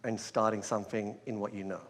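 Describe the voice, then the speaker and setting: A man's voice: on the low side, fairly quick. English-raised man telling stories in a hall. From England. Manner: relaxed storytelling, laughs often, many fillers. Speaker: guest entrepreneur. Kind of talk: conversational interview. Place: hall before a live crowd.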